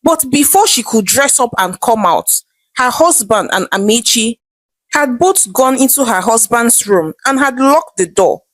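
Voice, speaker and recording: A woman's voice: on the high side, lively intonation, a little slow, no echo. Woman telling a folktale. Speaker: storyteller. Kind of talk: scripted folktale narration.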